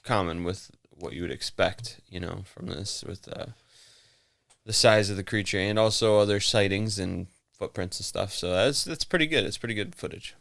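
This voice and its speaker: Low gravelly man, relaxed. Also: normal speed, no echo, studio quality. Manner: relaxed, hesitant, thinks aloud with fillers and some swearing. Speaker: podcast co-host. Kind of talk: casual podcast chat.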